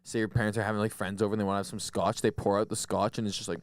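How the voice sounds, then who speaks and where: A man's voice: lowish voice, fairly even intonation, fast talker, smooth, no echo. A young man co-hosting a podcast, telling crude party stories in casual chat. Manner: crude storytelling, swears a lot. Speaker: podcast co-host.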